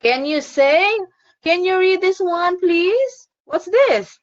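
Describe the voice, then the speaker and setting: A woman's voice: very high-pitched, lively intonation, slow pace, muffled recording. A woman teaching an online phonics lesson to a child, cheerful and encouraging, laughing often.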